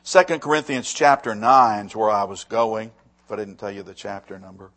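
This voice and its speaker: A man preaching a sermon, reading scripture slowly and with emphasis, with quick spoken asides to the congregation. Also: lowish voice, fairly bright tone. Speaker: pastor.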